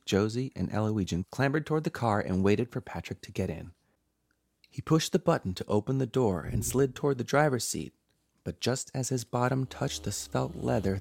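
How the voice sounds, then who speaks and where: A man's voice: fairly low pitch, gravelly. A man hosting a podcast, reading a scripted horror story in a theatrical, playfully sinister way.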